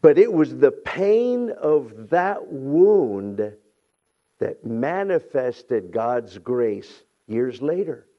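A middle-aged man preaching a sermon who tells stories, acts out voices, repeats himself and builds to shouting. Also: mid-range voice, big pitch swings, extremely slow, dull audio. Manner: many restarts and repeated phrases. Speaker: pastor.

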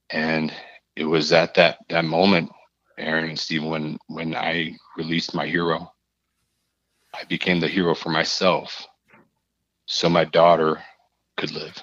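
A man, a podcast guest, telling a personal story in a halting, earnest way, often repeating his phrases. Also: very deep voice, completely flat delivery, fairly bright tone, no echo, highs cut off.

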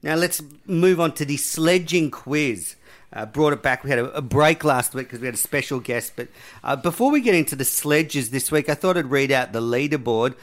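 A man's voice: mid-range voice, expressive, moderate pace. A man, hosting a podcast and reading quiz questions aloud in a jokey, casual way. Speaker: podcast host.

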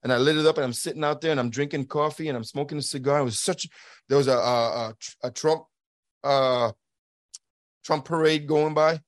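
A man's voice: on the high side, steady tone, a little fast, dry recording. Earnest man telling a story, dry sound. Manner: earnest, acts out quoted dialogue; repeats and restarts words. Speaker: guest, former border agent. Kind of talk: conversational storytelling.

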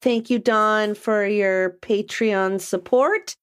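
A woman's voice: mid-range voice, fairly even intonation, clear, resonant tone. Young woman cohost, drags her words out playfully, laughs a lot. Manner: drawn-out, playful, laughs often. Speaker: podcast co-host. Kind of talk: casual chat.

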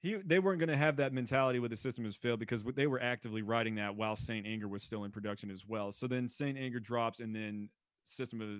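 A man co-hosting a podcast, talking casually and animatedly, breaking into loud mocking impressions. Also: medium pitch, quick pace, clean tone, no room sound, studio quality. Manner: animated, mimics people in shouted bursts. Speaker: podcast co-host.

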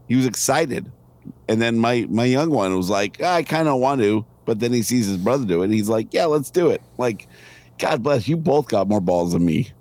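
A man's voice: mid-range voice, darkish tone. A middle-aged man chatting on a podcast in a casual, playful way. He laughs often and his voice moves up and down a lot while he tells stories. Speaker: podcast co-host.

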